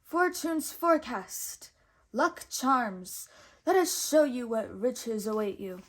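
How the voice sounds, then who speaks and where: A woman voicing a bold, clever young male outlaw hero in a storybook read-aloud, quick and eager. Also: fairly high pitch, animated. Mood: calling out.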